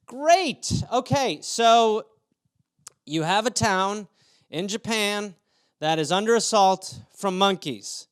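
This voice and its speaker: A man's voice: high voice, expressive, a little slow, clear, resonant tone, no echo, clean studio sound. A man hosting a comedy podcast, riffing profanely and rambling into silly scenarios about odd news stories. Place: home room.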